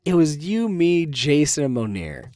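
A man's voice: fairly high pitch, very animated, measured pace, a little mellow, no room sound, clean studio sound. A man co-hosting a podcast, telling stories animatedly, swearing freely and acting out the quotes. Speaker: podcast co-host. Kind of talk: casual storytelling chat.

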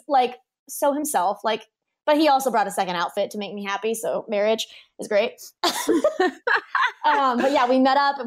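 Fairly high-pitched, this young wedding photographer chats as a podcast guest. Her storytelling is bubbly and relaxed, full of laughter and frequent uses of "like."

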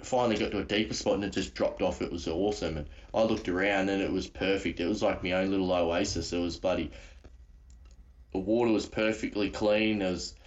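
A man's voice: low-pitched, steady tone, brisk, dull audio. An Australian man calling in as a guest, telling a story in a rambling, slangy way with many restarts. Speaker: guest caller. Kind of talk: casual storytelling.

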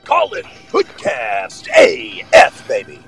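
A man voicing a hyper toy-collector who brags about himself in the third person, shouting and excitable, with crude jokes. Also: sits high, slow, gravelly, over music, heavily acted. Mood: excited. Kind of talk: comedy call-in bit.

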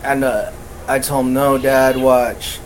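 A man's voice: mid-range voice, level tone, slow, slight background noise, low-quality recording. A man co-hosting a podcast, chatting casually and telling stories, swearing often and laughing as he talks. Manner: laid-back, swears a lot, laughs through his stories. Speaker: podcast co-host. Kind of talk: casual chat.

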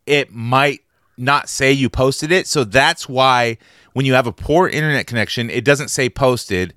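A man co-hosting a comedy podcast, talking in animated, interrupting banter. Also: mid-range voice, unhurried, dry recording, clean studio sound. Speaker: podcast co-host.

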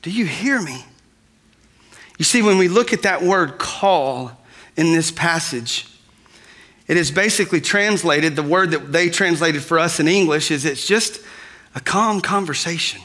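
A man's voice: on the high side, normal speed, sharp tone. A man preaching a sermon, talking conversationally and addressing the congregation directly. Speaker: pastor.

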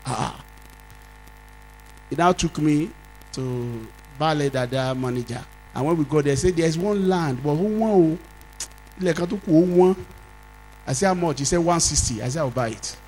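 Animated Nigerian pastor telling a story. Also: male voice, moderate pace, pauses often, a little hiss or hum, rough recording. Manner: animated, swings from loud exclamations to low asides, acts out laughter. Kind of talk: storytelling sermon.

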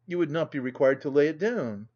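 A grave, dignified older aunt speaks with cold, measured reproof, voiced by a man reading aloud. The voice sits a little high and comes through a dull, lo-fi home recording. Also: expressive, darkish tone. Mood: shocked.

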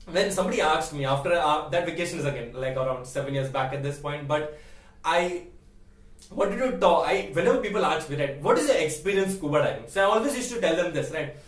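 A man's voice: a little high, roomy sound, recorded from a distance. A young man in his late teens telling a story casually as a vlogger, chatty, laughing often and asking "right?" again and again.

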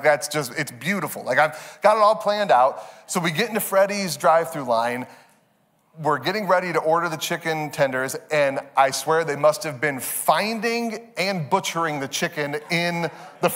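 A pastor in his thirties tells a story in an animated, self-mocking way. His voice is fairly high for a man. It rings with the long reverb of a large church sanctuary. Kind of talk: sermon.

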